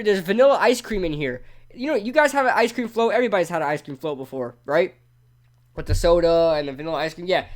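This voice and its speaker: A man hosting a casual live sports talk stream, excitable and talking straight to his chat. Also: high voice. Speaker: sports talk show host.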